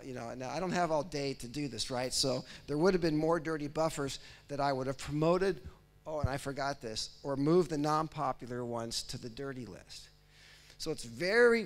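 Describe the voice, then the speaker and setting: This is a man lecturing at a technical conference, with a voice sitting somewhat high for a man. He casts himself as the software doing the work and talks the audience through each step. His tone stays chatty and animated throughout. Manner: lively, speaks as if he were the process, often checks in with "right?" and "okay?". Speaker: technical presenter.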